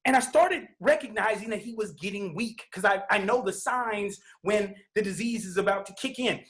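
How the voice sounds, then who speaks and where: A middle-aged man telling his story as a father. He speaks in a heartfelt, halting way, stumbling over restarts and coming back to the same phrases again and again. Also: high voice, fairly bright tone. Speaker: father sharing testimony. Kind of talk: emotional personal testimony.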